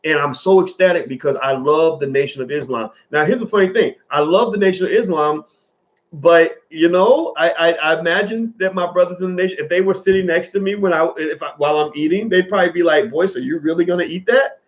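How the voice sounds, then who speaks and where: A man from the American South talks to his viewers in a loose, animated commentary. His voice sits a little high for a man, and he curses casually and repeats words to drive his point home. The audio sounds dull and lo-fi. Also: brisk. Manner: animated, profane, repeats phrases for emphasis.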